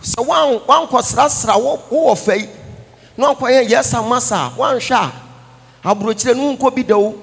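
A prophet giving a call-and-response sermon, moving between English and Twi and breaking into chanted, sung lines and shouts. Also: male voice, extremely high pitch, moderate pace, creaky, breathy edge. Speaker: prophet preaching. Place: large church conference hall.

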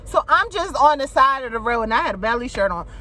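A woman's voice: sits high, fast talker. A young woman vlogger telling a story casually and animatedly, swearing freely. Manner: animated, swears freely, shrieks when quoting her panic.

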